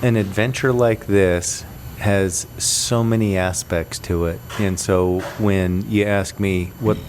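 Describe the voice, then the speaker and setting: A man's voice: low-pitched, steady tone, takes it slowly, a little mellow. A man speaking as a podcast guest, reflective and thoughtful, searching for his words. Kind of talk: reflective casual talk. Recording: faint background noise.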